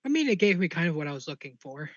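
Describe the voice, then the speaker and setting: A man playing in a tabletop game, speaking in a thoughtful, measured way. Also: fairly high pitch, sing-song, no echo, dull audio. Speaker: player.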